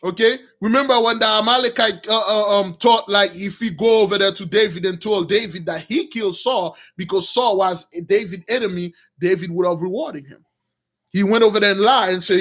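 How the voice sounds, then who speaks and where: A man preaching, retelling a Bible story in loose slangy talk and acting out the characters with shouts and laughs. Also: high voice, brisk.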